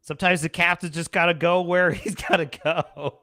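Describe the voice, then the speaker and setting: Guy hosting his stream, rambly and laughy, voice kinda high and bright. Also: moderate pace. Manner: animated, rambling, laughs often. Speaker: livestream show host. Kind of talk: casual livestream chat.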